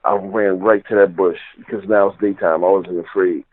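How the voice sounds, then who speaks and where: A man's voice: deep voice, fairly even intonation, moderate pace, no room sound. A man telling a personal story in a rambling, casual way, full of "you know" and "like". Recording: tinny phone line.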